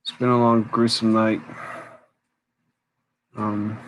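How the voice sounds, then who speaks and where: A man's voice: fairly low pitch, level tone, slow pace, slight background noise, poor audio. A man hosting a casual late-night live stream, rambling, answering viewers' comments, tired and yawning. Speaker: homesteader live-stream host.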